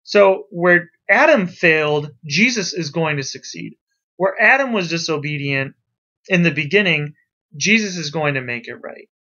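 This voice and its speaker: Bright-voiced man giving a lively lecture. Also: high-pitched. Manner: lively, emphatic, talks to students. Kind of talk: classroom lecture. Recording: dull lo-fi recording.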